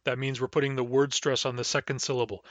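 A man's voice: mid-range voice, flat delivery, a bit bright, dry recording. A man giving a recorded language lesson, carefully repeating each word and explaining its pronunciation. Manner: measured, spells out and repeats each word slowly. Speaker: language teacher.

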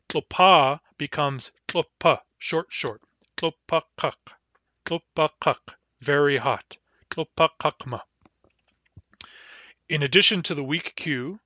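A man gives a patient language lesson, breaking words into parts and repeating them slowly. His recording sounds a little muffled and lo-fi. The sound is dry, with no room echo. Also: fairly high pitch, bright, forceful tone. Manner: patient, explains step by step, slows down to model words. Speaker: language teacher.

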